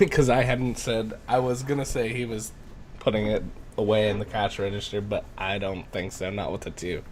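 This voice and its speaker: A man's voice: fairly low pitch, steady tone, measured pace, crowd noise. A man narrating as game master of a tabletop role-playing game, in a laid-back, chuckling way.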